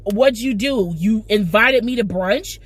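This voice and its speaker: A woman acting out a cool, defensive young woman in a flat, measured voice. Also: medium pitch, slightly rough, dry recording.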